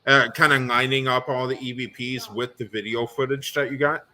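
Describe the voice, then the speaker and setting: A man's voice: mid-range voice, fairly even intonation, fairly quick, sharp tone, a little hiss or hum. A man co-hosting a casual podcast, asking long questions full of fillers and restarts. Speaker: podcast co-host. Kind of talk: casual video podcast chat.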